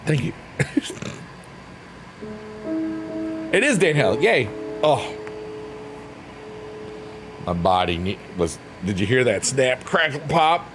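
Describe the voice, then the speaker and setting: A man hosting a relaxed livestream, chatting playfully and reading out messages from his viewers. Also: medium pitch, slow, long pauses. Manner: playful, silly, rambling, reads chat aloud. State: drained. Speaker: livestream host. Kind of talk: casual chat with live chat readers. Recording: faint piano music underneath.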